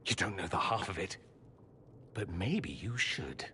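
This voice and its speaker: An actor playing a proud, sarcastic male mage confronting the father he is estranged from, with a husky voice and a cutting manner. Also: low-pitched, expressive, measured pace, bright, forceful tone, in a large hall, slight background noise, heavily acted. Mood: bitter. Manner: sarcastic, cutting, rising to anger. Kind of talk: game character dialogue.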